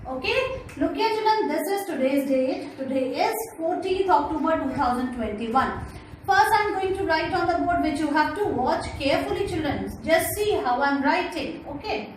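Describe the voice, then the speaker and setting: A woman with a fairly high voice leads a kindergarten lesson. She draws out each letter sound slowly and keeps repeating words. She calls out to the children often, guiding them step by step. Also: expressive, slight background noise, low-quality recording. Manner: slow, drawn-out phonics sounds. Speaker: kindergarten teacher. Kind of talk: classroom lesson.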